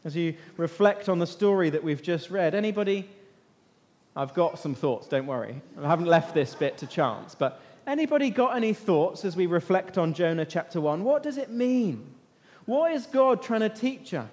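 A man with a high voice retells a Bible story to a gathered group, asking them questions as he goes. His talk rings with the long reverb of a big hall. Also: normal speed. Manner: lively, questions the listeners and waits for answers. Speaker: preacher leading a Bible talk. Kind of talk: interactive Bible storytelling sermon.

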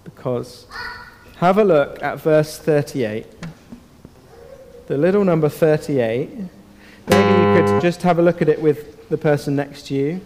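A man with a slightly high voice gives a lively Bible talk to children, putting questions to them and holding dramatic pauses. He is recorded in a church hall, and a long reverb trails after his words. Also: music in the background.

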